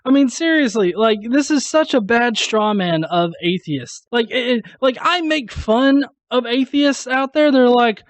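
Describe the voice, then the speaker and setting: A man's voice: high-pitched, animated, moderate pace, hardly any pauses, dry recording. A man hosting a response video, ranting in a crude, sarcastic way and swearing constantly. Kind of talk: profane casual rant.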